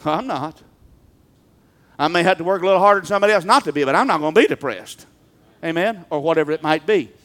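A male pastor preaching a sermon, emphatic, swinging from loud bursts to quiet talk. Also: a little high, a little fast, pauses often.

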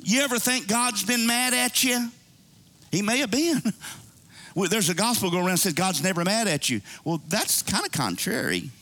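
A man preaching a sermon, reading scripture and retelling it with animated asides and character voices. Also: high-pitched, moderate pace. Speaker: pastor.

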